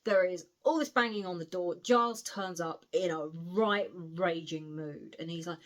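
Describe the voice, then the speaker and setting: A woman's voice: fairly low pitch, unhurried. A woman giving a casual spoken book review, recounting the plot in a chatty way with frequent asides.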